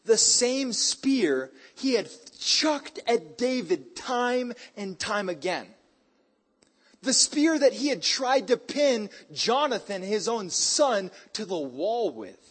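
A male preacher giving a sermon, retelling scripture in a hyper, animated way with casual slang. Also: sits high, slow pace, husky.

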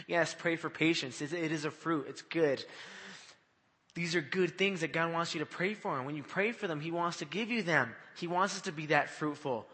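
A man preaching a sermon in a lively, conversational way, often checking in with his listeners. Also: a little high, normal speed. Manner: animated, conversational, often asks "right?". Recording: long hall reverb.

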